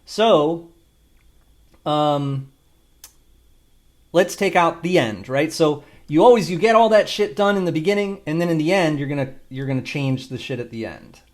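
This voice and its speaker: A man's voice: a little high, moderate pace. A man talking through a screen-recorded tutorial, rambling and thinking aloud with casual swearing. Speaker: video creator demonstrating an AI video tool.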